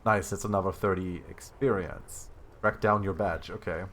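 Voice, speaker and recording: A man streaming a game, reading its text and making quiet, laid-back asides. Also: low-pitched, fairly quick, creaky.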